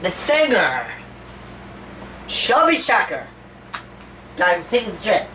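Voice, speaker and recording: A woman's voice: medium pitch, sing-song, takes it slowly, sharp tone, recorded from a distance, a little hiss or hum, full character voice, low-quality recording. A woman voicing a grieving young man who gives a rambling, stammering eulogy in a homemade toy-figure animation. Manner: stammering, repeats words, rambling. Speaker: eulogy speaker.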